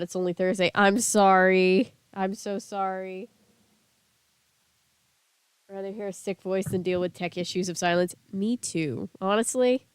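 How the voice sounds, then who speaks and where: A young woman streamer chats casually with her viewers, sounding slightly sick with a lingering cough, laughing often and reading the chat aloud. Her voice is on the low side with a clean tone and no echo.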